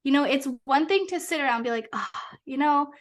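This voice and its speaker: A young woman from Massachusetts, a podcast guest, telling her story in an earnest, animated, casual way. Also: high voice, brisk. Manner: earnest, animated, uses many fillers. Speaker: podcast guest, hypnotherapist and coach.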